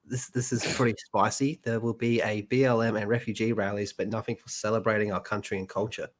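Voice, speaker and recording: A man's voice: on the low side, little pitch movement, brisk. A man with an Australian accent, co-hosting a podcast, chatting bluntly and reading out comments. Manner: blunt and crude. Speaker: podcast co-host. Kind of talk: casual chat, reading out comments.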